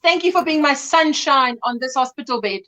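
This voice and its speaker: A woman's voice: high voice, animated, brisk, a crowd in the background. A woman chatting on a group livestream, reading out viewer comments with enthusiasm. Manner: enthusiastic, reads out chat comments. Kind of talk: casual livestream chat.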